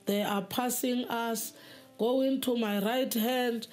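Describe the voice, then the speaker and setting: A woman telling her personal testimony in a halting way, often repeating words as she goes. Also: a little high, fairly even intonation, darkish tone. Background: faint music.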